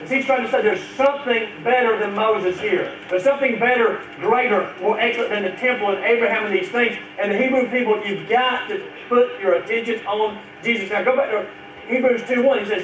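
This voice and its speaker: A man's voice: sits high, fairly quick, fairly bright tone, slight background noise. A man preaching a sermon to children and parents, speaking earnestly and drawing out key phrases. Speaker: pastor. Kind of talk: sermon to a church congregation. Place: church sanctuary. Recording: echoey church recording from far off.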